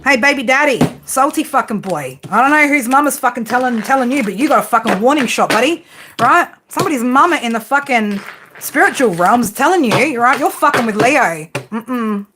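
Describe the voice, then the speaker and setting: Fairly high-pitched, animated and brisk, this Australian tarot reader talks to her viewers bluntly, teasing them and swearing heavily. There's noise in the background of the casual reading.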